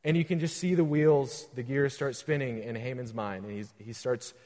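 A man's voice: mid-range voice, steady tone, normal speed, a little mellow. A man reading scripture aloud and explaining it casually as a sermon, with restarts and everyday comparisons. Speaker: preacher. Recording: long hall reverb.

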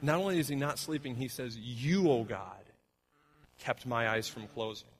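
A middle-aged male pastor preaching a sermon in a conversational way, with fillers, who drops soft and low on the heavy lines. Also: expressive, moderate pace, a little hiss or hum.

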